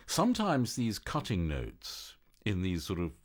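A man hosting a radio interview, asking questions in a measured, thoughtful manner. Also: low-pitched, huge pitch swings. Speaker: radio host.

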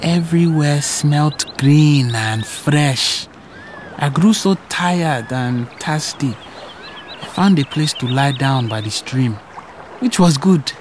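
A woman narrating a story in the first person, hushed and wondering. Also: sits low, lively intonation, slow pace, a little hiss or hum.

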